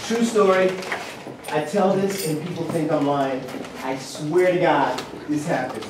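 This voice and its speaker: A man performing spoken-word poetry and stories live on stage, with animated, rhythmic delivery and jokey asides. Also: a little high, measured pace, over a noisy crowd, heavy background noise. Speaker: storyteller and spoken-word poet. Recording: echoey hall, distant mic.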